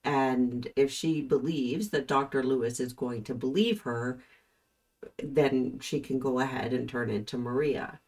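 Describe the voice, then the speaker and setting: A woman hosting her own channel, commenting in a slow, thoughtful and puzzled way on courtroom footage, with frequent pauses. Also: a bass voice, fairly even intonation, a little mellow. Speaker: host reacting to trial footage. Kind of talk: casual commentary.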